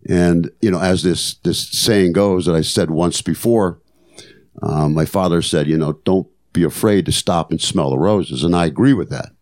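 A man's voice: sits low, moderate pace, darkish tone. An older man hosting a podcast, telling stories in an earnest, motivational way and repeating phrases for emphasis. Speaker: podcast host. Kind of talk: reflective storytelling monologue.

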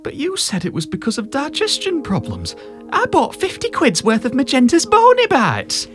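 A woman putting on a furious, shrill friend. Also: huge pitch swings, normal speed, soft background music. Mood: indignant. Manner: demanding, indignant. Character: loud, hot-tempered woman confronting her friend.

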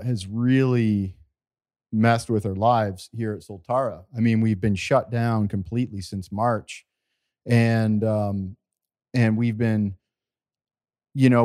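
A man's voice: medium pitch, darkish tone. A man hosting a casual podcast chat in a laid-back, rambling way. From Canada. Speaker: podcast host. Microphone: remote call.

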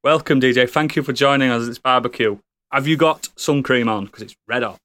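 A man's voice: medium pitch, a little fast, fairly bright tone, no echo. A man hosting a podcast, giving jokey, teasing introductions of his guests. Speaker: podcast host.

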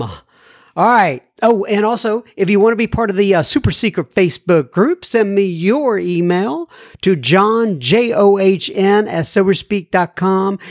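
A man's voice: high-pitched, no room sound, clean studio sound. A man from Alabama hosting a recovery podcast, reading listener mail in a folksy, joking way. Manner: folksy, joking, drawn-out phrasing. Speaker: podcast host.

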